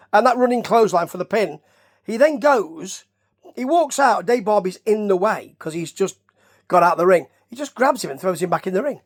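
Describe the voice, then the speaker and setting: A man from Nottingham with a Nottingham English accent, rambling chattily through a wrestling review with asides and questions to the listener. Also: high voice. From Nottingham, England. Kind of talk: casual rambling review commentary.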